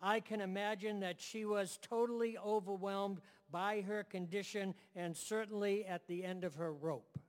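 A man's voice: high-pitched, fairly even intonation, normal speed, few pauses, long reverb tail. A man preaching a sermon to a room and online audience, emphatic, building phrases in repeated lists.

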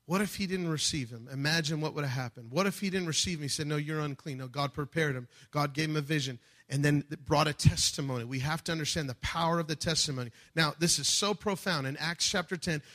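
A man preaching a sermon, building from calm teaching to fervent shouted passages. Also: on the high side, fast talker, hardly any pauses. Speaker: pastor.

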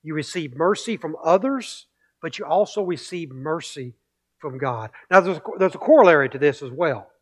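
A man's voice: a little high, expressive, moderate pace, breathy edge. A male pastor preaching a sermon, emphatic, repeating key phrases and building with rhetorical questions.

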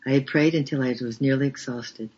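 A man narrating a memoir as an audiobook reader, with a measured, flat delivery. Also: mid-range voice, slightly rough. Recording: dull lo-fi recording.

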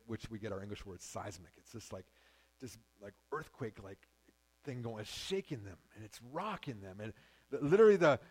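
A pastor from Canada preaching a sermon in a conversational, storytelling way, with frequent restarts. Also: male voice, mid-range voice, rough recording.

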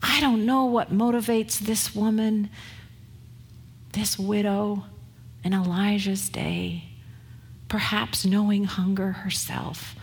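Husky-voiced woman preaching a sermon. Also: mid-range voice, fairly even intonation, slow, pauses often. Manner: storytelling, conversational. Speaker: pastor.

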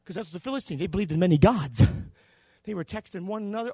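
A man preaching a sermon in a church, swinging between loud shouting and quieter low passages. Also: animated, fast, slightly rough, no room sound. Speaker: pastor.

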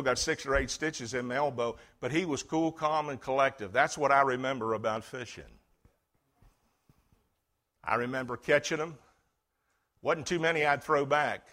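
A middle-aged male pastor preaching a folksy sermon, telling stories and swinging from loud emphasis to hushed tones. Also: mid-range voice, normal speed.

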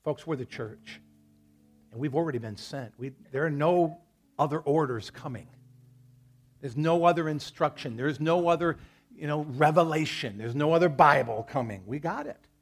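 A man's voice: fairly high pitch, normal speed, breathy edge. A male pastor preaching a sermon at a church service, talking to the congregation in a conversational way and telling stories between scripture quotes.

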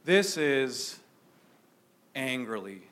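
A man's voice: mid-range voice, sing-song, very slow, a bit bright, a little hiss or hum. A man preaching a sermon to a congregation in a conversational way, often asking his listeners questions. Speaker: pastor.

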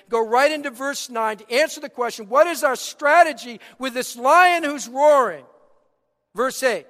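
A man preaching a sermon as a pastor, swinging between loud, emphatic lines and hushed, quiet ones. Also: high voice. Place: church sanctuary. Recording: long hall reverb.

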